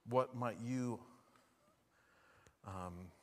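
A man preaching a sermon, asking his listeners questions and moving between hushed and loud, emphatic lines. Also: medium pitch, very slow, long reverb tail.

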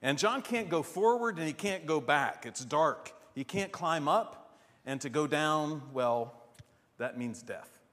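A man preaching a sermon in an animated, rhetorical way, often asking "right?". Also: fairly high pitch, a little slow. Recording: long hall reverb.

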